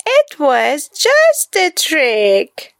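A woman voicing a frightened little boy in a read-aloud storybook, yelling and sobbing in a shrill voice. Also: huge pitch swings, drawn-out words, creaky, dry recording, clean studio sound, full character voice. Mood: gleeful.

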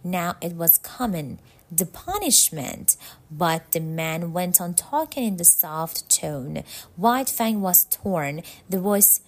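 A woman narrating a storybook in a calm, measured reading voice. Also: fairly low pitch.

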